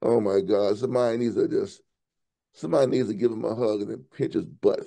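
A man in casual political chat, animated, often repeating words and breaking into laughter. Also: fairly low pitch, fairly quick, vocal fry.

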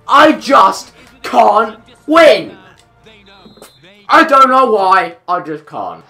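A young man commentating his own football video game, hoarse from shouting, loud and excitable, swearing constantly and yelling at the players. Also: extremely high pitch, extremely slow, faint music behind. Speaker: gamer and channel host. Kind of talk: let's play commentary.

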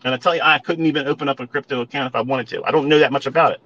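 A man's voice: medium pitch, fairly even intonation, rapid-fire, sharp tone, muffled recording. A man ranting at listeners on a live audio stream, profane and emphatic, repeating his points and calling them folks. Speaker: trading educator.

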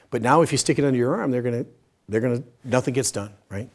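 A man teaching a Bible study session in a conversational, demonstrative way, acting out short everyday dialogues in a softer voice. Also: mid-range voice, quick pace. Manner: demonstrative, uses a pen as a prop.

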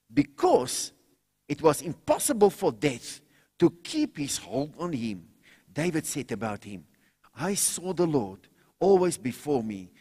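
Male pastor, fervent sermon delivery with loud cries and soft asides, reverberant hall. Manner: fervent preaching, sudden loud cries then quiet low asides; calls for congregation responses.

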